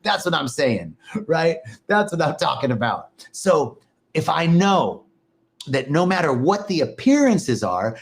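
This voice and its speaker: A man preaching a sermon, telling animated stories, laughing often and swearing casually. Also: a little high, unhurried. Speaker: minister. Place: lives in Costa Rica.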